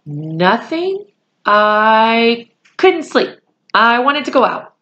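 A woman voicing an anxious, eager young boy in a storybook reading, with a high, earnest, pleading tone. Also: big pitch swings, extremely slow, sharp tone, muffled recording, exaggerated voice. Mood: nervous.

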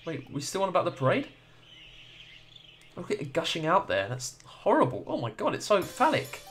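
A man giving casual Let's Play commentary, excitable, swearing and laughing as he plays. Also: fairly high pitch, normal speed, a little hiss or hum.

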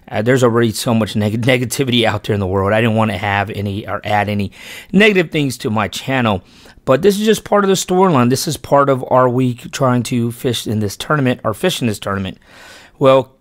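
A man with a medium-pitched voice tells a fishing story in a loose, rambling way, restarting sentences and correcting himself as he goes. He sounds earnest and turns emphatic when he talks about his son. The recording is dry and close, with almost no room sound. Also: lively intonation, brisk, no echo. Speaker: fishing channel host and father. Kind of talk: casual storytelling vlog narration.

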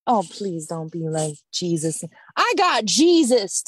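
A woman's voice: lowish voice, very animated, takes it slowly, breathy edge. A woman performing a stand-up comedy set online, telling stories in a brash, profane and exasperated way. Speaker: stand-up comic. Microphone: video call.

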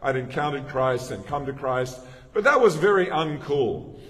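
This middle-aged male pastor sounds animated and a bit bright, his medium-pitched voice moving at a normal speed. He preaches conversationally through stories, often restarting mid-sentence, with a long church-hall reverb behind him.

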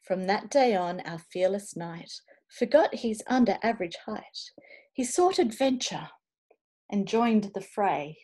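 A woman reading a children's picture book aloud over a video call, expressive and playful, slipping into whispers and little asides. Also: medium pitch, unhurried. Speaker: children's storybook reader.

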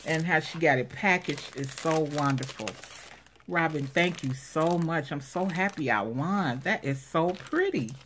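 A woman's voice: low-pitched, unhurried, a bit bright, slight background noise. A woman vlogger unboxing craft supplies in casual commentary, gushing and exclaiming over each item. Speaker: craft vlogger showing giveaway prize.

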